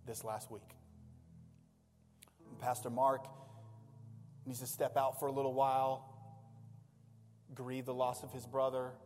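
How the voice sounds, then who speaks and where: A man's voice: medium pitch, darkish tone. Impassioned male pastor preaching in a reverberant hall. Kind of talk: sermon. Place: church sanctuary.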